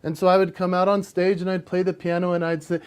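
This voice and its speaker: A man's voice: high-pitched, fast, smooth. A male impressionist as an interview guest, telling stories animatedly in a casual chat. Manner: animated storyteller, bursts into sung bits.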